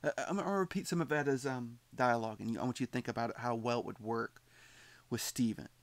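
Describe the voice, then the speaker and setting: This is recorded lecture commentary from a male psychology instructor who talks conversationally, repeats himself, and quizzes his students. His voice is medium-pitched, quick, and creaky, with no room sound.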